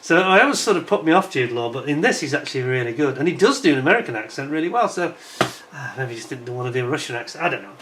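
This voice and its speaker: A middle-aged man with a British accent talks in an easy, rambling way at an even middle pitch, drifting onto tangents between ums and uhs. He sits at his desk at home, a low fan humming faintly behind him. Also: rapid-fire, few pauses, noisy background. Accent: British English. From United Kingdom. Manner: chatty, wanders off on tangents, frequent fillers. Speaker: scale model kit reviewer. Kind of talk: casual rambling review chat. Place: indoors at home, warm room with a fan.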